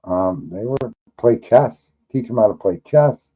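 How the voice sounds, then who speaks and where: A man's voice: fairly low pitch, expressive, measured pace, muffled recording. Blunt, profane New man. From New York. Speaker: livestream host. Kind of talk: casual livestream chat.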